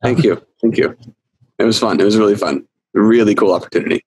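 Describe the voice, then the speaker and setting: A man guest on an interview, telling stories in a lively, laughing way and acting out quotes. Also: fairly low pitch, a little fast, slight background noise, rough recording. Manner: animated storyteller, laughs often, acts out quotes. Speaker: actor guest. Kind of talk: casual interview chat.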